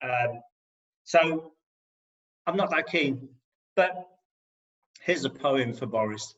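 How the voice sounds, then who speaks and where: A man's voice: medium pitch, lively intonation, slow pace, a bit bright. A man with an English Midlands accent performs his rhyming poems on an online video call and talks between them with wry humour. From England. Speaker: performance poet. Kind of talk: spoken-word poetry reading with comic asides. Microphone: video call microphone. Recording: dull lo-fi video call audio.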